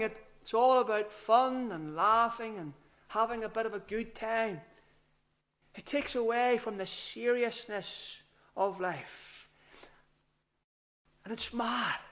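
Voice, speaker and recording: A man's voice: very high voice, a bit bright. A man preaching an earnest, emphatic sermon with rising outbursts.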